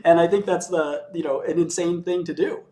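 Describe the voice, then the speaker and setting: A man's voice: a little high, steady tone, fairly quick, dark tone. A man giving his views in casual conversation, blunt and sardonic, often laughing as he mocks. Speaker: commentator. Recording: roomy echo.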